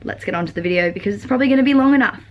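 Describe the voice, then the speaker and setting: A woman's voice: mid-range voice, animated, very fast, muffled recording, a little hiss or hum. Earnest young woman vlogging. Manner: earnest, open and heartfelt; uses many "like" fillers. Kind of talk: personal vlog talk to camera.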